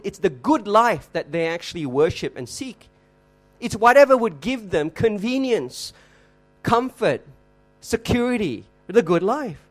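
Guy preaching a sermon, really animated, leans hard on key words, asks the crowd questions. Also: sits high. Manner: emphatic, slows and repeats for effect, rhetorical questions. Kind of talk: expository sermon.

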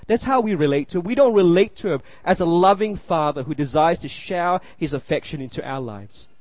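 Male pastor preaching, earnest, repeats himself, fairly high voice, dry sound. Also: lively intonation, fairly quick, darkish tone, dry recording. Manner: earnest, repeats phrases, asks the room "you see?". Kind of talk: sermon.

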